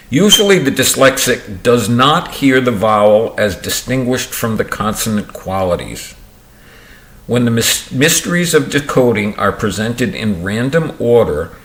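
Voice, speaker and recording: A man reads aloud from a book, slow and unhurried at a middle pitch. He stumbles, starts phrases over and drops in casual remarks of his own. The room around him is echoey. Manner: unpolished, restarts misread words and comments. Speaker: reader of a book on dyslexia. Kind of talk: reading aloud with asides.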